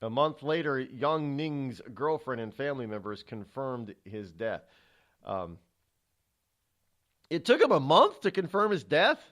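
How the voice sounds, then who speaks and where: A middle-aged man hosts his own radio show, delivering a chatty, digressive solo monologue and often restarting and repeating words. His mid-range voice is a bit bright and unhurried, with big pitch swings.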